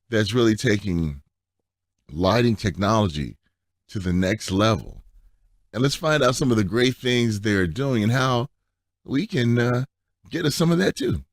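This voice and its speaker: A man hosting a tech radio show, his voice raspy from allergies, talking in a playful, chatty way. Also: dry recording, clean studio sound. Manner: playful, chatty, drops into a low murmur.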